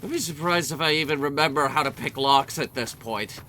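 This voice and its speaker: A man's voice: fairly high pitch, brisk, bright, forceful tone, a little hiss or hum. A young man giving rambling, sarcastic, jokey commentary while he plays a video game. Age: young adult. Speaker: let's play commentator.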